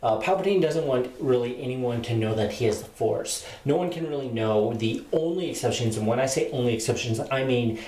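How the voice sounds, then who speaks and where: A man's voice: medium pitch, fairly quick, few pauses, mellow. Male book reviewer, mid-range voice, loose rambling delivery, room echo on the mic. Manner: rambling, filler-heavy plot retelling. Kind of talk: casual spoken book review. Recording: roomy echo.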